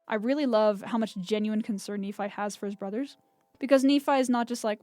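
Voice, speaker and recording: A young woman hosts a scripture reading, chatting enthusiastically about the passages with plenty of "like" fillers. Her slightly high, somewhat mellow voice moves fairly quickly, and the studio-quality recording has no echo.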